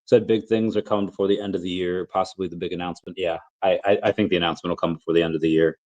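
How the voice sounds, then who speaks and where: A man's voice: low-pitched, fairly even intonation, very fast, darkish tone, dull audio. A man in his thirties with the flu, coughing now and then, hosting a casual livestream Q&A and rambling through his thoughts with many restarts. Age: 30s. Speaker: crypto livestream host.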